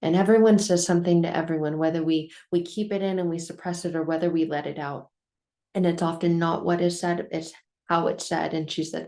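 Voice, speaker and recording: A woman's voice: fairly low pitch, steady tone, brisk, dark tone. A middle-aged woman tells a personal story from her life and draws a lesson from it, in an earnest, emphatic way, repeating phrases for effect. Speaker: vlogger telling a life lesson.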